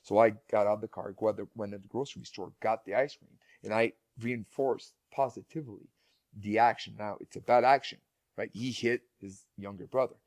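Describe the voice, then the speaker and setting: A man's voice: fairly low pitch, fairly even intonation, fairly quick, darkish tone, dry recording, clean studio sound. A man who is a guest speaker and parent, telling stories in a casual interview with many restarts and repeated words.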